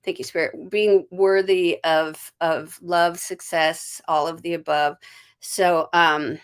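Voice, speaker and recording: An American woman hosting a live stream, giving a card and intuitive reading in a gentle, flowing way with many restarts and soft laughs. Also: fairly low pitch, flat delivery, slow, clean tone. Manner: greets viewers warmly by name.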